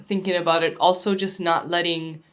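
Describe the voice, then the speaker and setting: A young woman from Hawaii with a light Pidgin accent, co-hosting a podcast in easygoing, reflective casual chat that often trails off softly. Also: lowish voice, little pitch movement, normal speed, clean tone. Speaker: podcast co-host.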